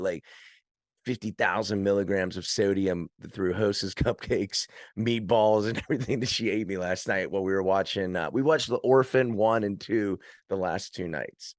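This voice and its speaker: A man with a lowish voice chats loosely as a podcast guest, wandering through stories and breaking into laughter. The sound is dry and close, with no room around it. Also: dry recording. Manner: rambling, laughing storyteller. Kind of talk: casual chat.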